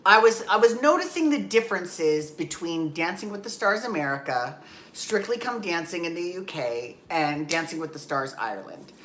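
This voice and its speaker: A woman's voice: medium pitch, fairly bright tone, reverberant. A woman vlogging casually from home, rambling, correcting herself and swearing now and then. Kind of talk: casual chatty vlog. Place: home, just out of the shower.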